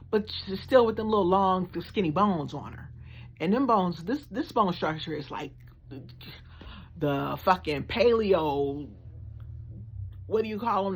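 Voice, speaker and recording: An American woman giving blunt, slangy, animated opinion commentary in a casual vlog. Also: fairly low pitch, slightly rough. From United States. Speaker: vlogger.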